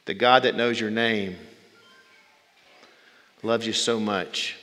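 A male preacher delivering a sermon with folksy humorous asides, swinging between loud bursts and hushed, drawn-out phrases. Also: fairly low pitch, steady tone, soft background music. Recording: long reverb from a large hall.

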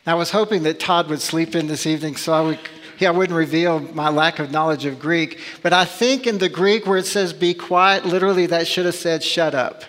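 A man's voice: a little high, steady tone, a little fast, a bit bright. A man preaching a sermon as pastor, emphatic and full of rhetorical questions. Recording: long reverb of a large hall.

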